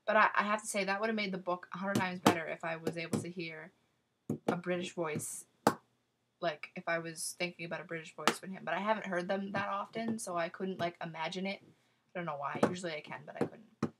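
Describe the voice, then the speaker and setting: Chatty woman with a low voice reviewing a book. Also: fairly even intonation, a little fast, heavy background noise. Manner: gushing and talkative, with many fillers and restarts.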